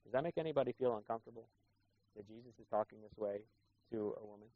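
This time the pastor's voice sits lower and he talks fast, chatting through his sermon and tossing rhetorical questions at the congregation. The sound quality is muffled and lo-fi.

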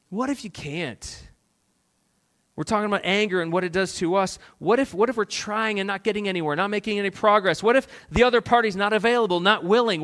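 A male pastor preaching a sermon, rising to loud urgent questions and dropping to quiet, prayerful tones. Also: high voice. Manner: dramatic swings between loud urgent questions and quiet prayerful near-whispers.

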